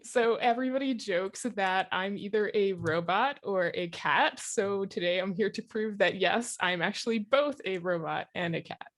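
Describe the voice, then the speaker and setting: A woman's voice: medium pitch, moderate pace, hardly any pauses. A woman appearing as a guest fan on a podcast, speaking in a playful, easygoing way. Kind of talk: casual chat.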